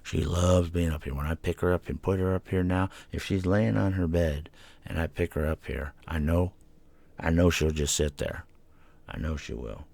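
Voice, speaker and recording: A man with a very deep voice talks through his thoughts as host of his own podcast. His delivery is casual and self-reflective, and he now and then turns to speak to his cat. The sound is dry and close to the mic. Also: moderate pace, vocal fry, darkish tone, no room sound. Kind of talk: casual solo podcast talk. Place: home room. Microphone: desk microphone.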